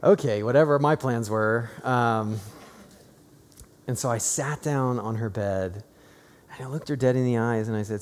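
A man preaching a sermon, earnest and hushed in stories, rising to fervent, emphatic preaching. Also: medium pitch, a little slow, a little hiss or hum. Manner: tearful and hushed while telling a personal story. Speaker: pastor. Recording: long reverb of a large hall.

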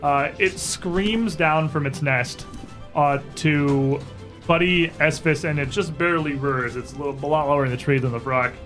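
Man, game master, bright voice, slightly high, laid-back chatty narration, faint music. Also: moderate pace.

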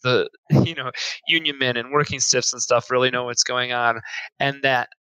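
A man's voice: medium pitch, level tone, normal speed, sharp tone, smooth, dry recording, rough recording. A man playing in a tabletop game, rambling and joking with many fillers. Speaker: player. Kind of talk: casual tabletop role-play.

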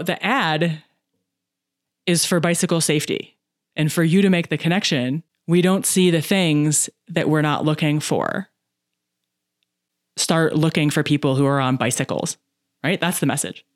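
A woman's voice: sits low, normal speed, no room sound. Chatty woman coach on a podcast, keeps tacking on "right?", acts out little inner voices, dry close sound. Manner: lively and chatty, often adds "right?". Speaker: business mindset coach. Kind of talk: solo podcast monologue.

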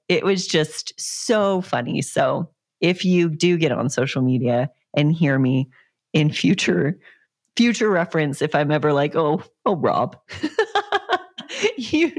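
Woman, 30s, fitness coach podcast host; laughing, playfully sarcastic storyteller; slow, relaxed delivery; dry, close mic. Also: sits low, no room sound. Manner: giggly, animated storytelling with frequent laughter. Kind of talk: casual solo podcast chat.

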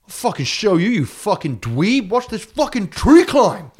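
A man voicing the devil as a brash, competitive party bro, yelling and swearing. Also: high-pitched, sing-song, a little slow, breathy edge, pitched above the performer's own voice, heavily acted. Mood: furious. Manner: shouting and swearing.

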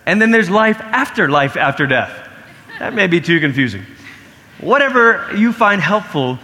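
A man delivers a sermon in a high, bright voice that rings with a long reverb from the large hall around him. He preaches in an animated way, acting out the people he quotes with big jumps in pitch. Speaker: pastor.

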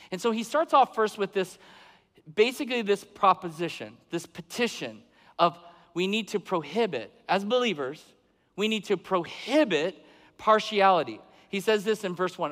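This middle-aged pastor has a high-pitched, fairly bright voice, and long hall reverb surrounds it. His sermon is conversational; he poses questions to the congregation and performs the voices of the people he quotes.

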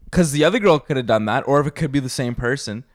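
A man with a mid-range voice tells a story on a comedy podcast, recorded close in a dry room. His delivery is laid-back, with deadpan asides and casual swearing. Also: medium pitch, no room sound. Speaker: podcast co-host.

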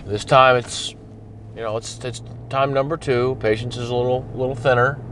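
A man's voice: medium pitch, steady tone, normal speed, a bit bright. Give me a blunt, cussing man telling a casual story, with faint street noise behind. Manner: blunt, profane, conversational.

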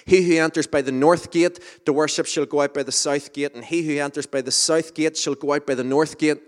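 Man, preacher, informal sermon, conversational asides, slightly high voice, reverberant hall. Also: fairly even intonation, a little fast. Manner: conversational, self-deprecating, with restarts and asides.

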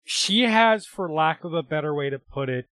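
A man chats out of character at a tabletop game, joking at his own expense. His voice is slightly high, and the recording is dry and close. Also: animated, normal speed, fairly bright tone, dry recording.

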